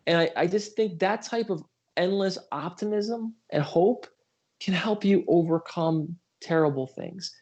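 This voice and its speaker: Unhurried, with a high and a little mellow voice, a middle-aged man from Western New York hosts a casual livestream as a political candidate. He tells stories earnestly, says sorry for talking too long, and adds self-deprecating asides.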